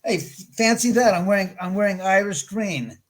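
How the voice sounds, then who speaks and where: A man from California chatting on a live video call, animated and acting out stories. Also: high-pitched, moderate pace. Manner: animated storyteller, acts out his dogs. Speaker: guest.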